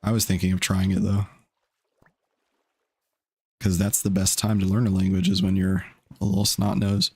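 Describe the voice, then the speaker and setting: A man's voice: deep voice, completely flat delivery, moderate pace, long pauses, darkish tone, breathy edge, no room sound. A young man casually chatting while streaming a game, rambling and laid-back. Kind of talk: casual gaming stream chat.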